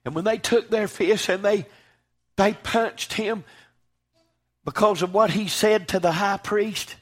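Male preacher, higher-pitched voice, impassioned sermon with sharp loud-to-soft swings. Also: measured pace. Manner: fervent, swings from loud declaiming to hushed.

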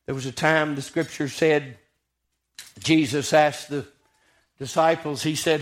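A man's voice: on the high side, steady tone, a little slow, pauses often. A man preaching a sermon, telling scripture stories in a folksy, dramatic way. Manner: folksy, dramatic storytelling with acted quotes.

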